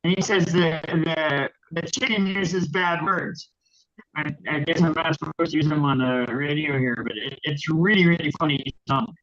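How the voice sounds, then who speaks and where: A man joining a casual live chat, hesitant and halting. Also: a little high, fairly bright tone, highs cut off.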